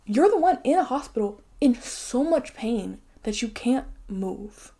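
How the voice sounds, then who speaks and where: A woman's voice: a little high, lively intonation, unhurried, creaky, hardly any pauses, warm tone. A young woman giving a casual, ranting video commentary, swearing freely and dropping into sudden whispers. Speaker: video essayist.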